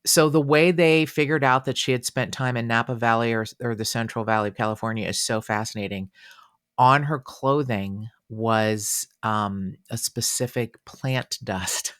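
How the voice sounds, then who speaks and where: A man hosting a casual true-crime podcast, chatty and animated, with fillers and exclamations. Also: mid-range voice, normal speed, smooth, dry recording, studio quality. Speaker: podcast host.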